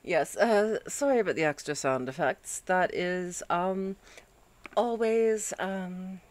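A woman streaming a video game from home, groggy after a headache, chatting calmly with viewers and fussing at her dog. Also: lowish voice, takes it slowly. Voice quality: calm, soothing voice. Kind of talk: casual live-stream gameplay chat.

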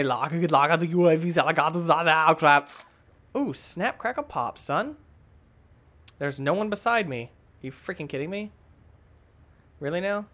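A young man hosting gameplay commentary, swinging between loud outbursts and low muttering while he plays. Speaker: gaming channel host.

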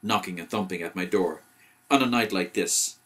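Guy reading as a fussy little owl, low voice, earnest and kinda fretful, storybook style. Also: moderate pace, a bit bright. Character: fussy kindly male owl homebody.

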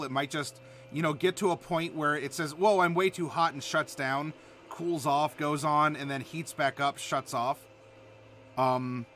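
A man's voice: a little high, bright, forceful tone, slight background noise. A man from Ohio hosting a live stream, chatting casually and answering chat with many fillers. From Ohio, USA. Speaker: streamer host.

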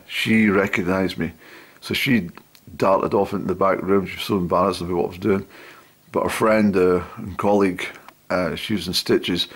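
A middle-aged man telling old stories to a camera, rambling with lots of pauses and fillers. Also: deep voice. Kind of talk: casual storytelling to camera.

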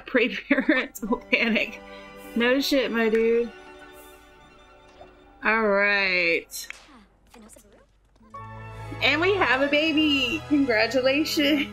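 A woman's voice: fairly high pitch, fairly bright tone, rough recording. A woman giving casual, chatty commentary while playing a life-simulation game, full of fillers and giggles. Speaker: gaming youtuber.

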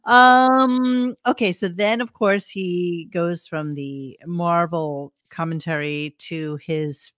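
A woman's voice: lowish voice, fairly even intonation, slow, few pauses, fairly bright tone, no room sound. Sarcastic woman co-hosting a podcast. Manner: sarcastic, mocking commentary. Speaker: podcast co-host. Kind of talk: casual commentary chat.

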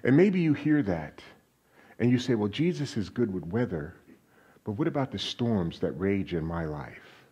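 A man preaching a sermon as a guest speaker in a church, animated, asking the congregation questions and raising his voice on quoted lines. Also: fairly low pitch, moderate pace, husky. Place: church sanctuary.

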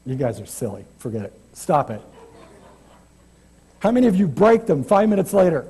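A man's voice: on the high side, sing-song, moderate pace, warm tone, husky. A man preaching an informal, chatty church sermon as a guest preacher, self-deprecating and often restarting his sentences. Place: church sanctuary.

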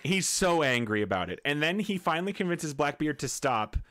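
Podcast co-host, male, slightly higher voice, loose rambling recap full of laughs. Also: sing-song, brisk, a bit bright. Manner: rambling, laughs while retelling scenes. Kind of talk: casual chat.

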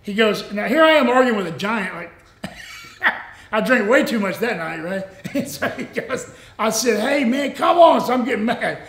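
High-voiced older man, roomy sound. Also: animated, moderate pace, fairly bright tone. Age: 60s. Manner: rambling, salty, laughs often. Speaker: retired pro wrestler, guest. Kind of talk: casual storytelling.

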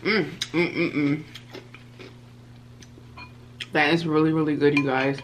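An excitable woman with a low-pitched voice talks straight to her viewers in a casual food vlog. Her chat is chatty and eager. A faint hum sits under the recording. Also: slow. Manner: excitable, chatty, addresses viewers as "you guys". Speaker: food vlogger.

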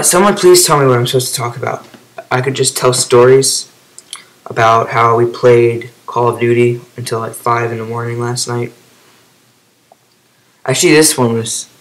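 A man's voice: medium pitch, rough recording. Rambling young man commenting on gameplay. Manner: rambling, excitable outbursts, then trailing off quietly. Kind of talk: casual game commentary.

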